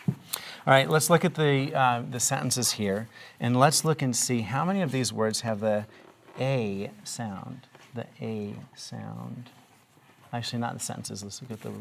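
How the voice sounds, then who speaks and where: In a classroom, a male teacher leads a reading lesson in an ordinary-pitched, gravelly voice. He asks patient, encouraging questions, and a faint hiss runs under the recording.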